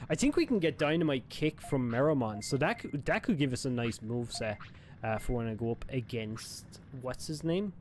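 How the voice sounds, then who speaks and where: A man's voice: mid-range voice, animated, moderate pace, slight background noise. A man chatting casually on a live gaming stream, rambling and swearing as he goes and often correcting himself mid-sentence. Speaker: game streamer.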